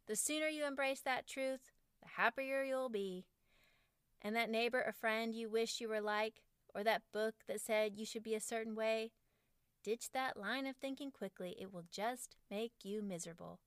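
A woman in her forties with a fairly high, smooth and resonant voice reads from her own parenting book on her podcast. Her delivery is wry and self-mocking. The sound is close and dry. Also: steady tone, moderate pace, fairly bright tone, no room sound. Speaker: podcast host and author.

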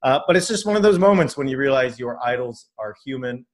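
A middle-aged man spins a long personal story at an easy podcast pace. His voice sits at an ordinary pitch and he rambles, circling back with fillers and restarts. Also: animated, fairly quick. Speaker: podcast co-host telling a story. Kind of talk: casual storytelling.

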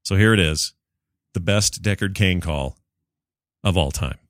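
A man with a somewhat low voice hosts a casual podcast. He talks in an excitable, rambling way into a close studio mic. The sound is dry and close. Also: a little slow, dry recording. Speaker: podcast host.

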